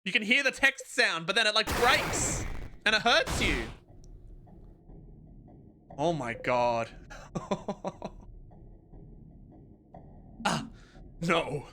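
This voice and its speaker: A streamer playing a story game live, reading its narration aloud with dramatic flair and breaking into loud, excited outbursts. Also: mid-range voice, drawn-out words, long pauses, a little hiss or hum. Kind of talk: live let's-play commentary, reading game text aloud. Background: game music.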